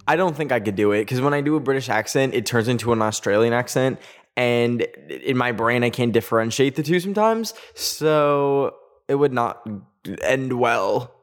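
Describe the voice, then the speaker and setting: Rambling young Canadian podcast host. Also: male voice, medium pitch, moderate pace. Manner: rambling, chatty, self-mocking, easily sidetracked. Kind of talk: casual solo podcast chat.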